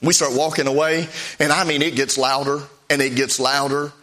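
A man preaching a sermon in a conversational, storytelling way, his pitch swinging up and down as he recounts events. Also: flat delivery, moderate pace, pushed and bright. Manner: conversational, pitch swings up and down while telling stories.

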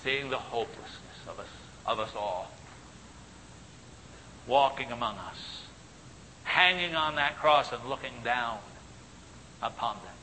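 A man preaches in an unhurried cadence, his tone bright and a little raised. He swings between ringing emphasis and soft, hushed asides. The sound carries a long church reverb over a faint low rumble. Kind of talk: sermon.

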